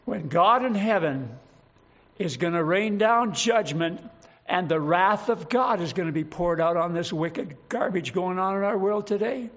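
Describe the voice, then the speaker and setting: A man preaching a sermon, earnest and emphatic, slowing down to stress scripture verses. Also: high voice, lively intonation, dull audio.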